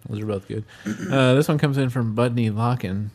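A man's voice: mid-range voice, a little mellow. Teasing podcast co-host man. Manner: teasing, quick to laugh, gives game advice. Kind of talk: casual chat.

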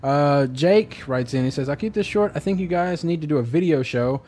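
A man's voice: fairly high pitch, a little fast, a little mellow, a little hiss or hum. A man co-hosting a podcast, telling self-deprecating stories with stammering restarts in casual chat. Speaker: podcast co-host.

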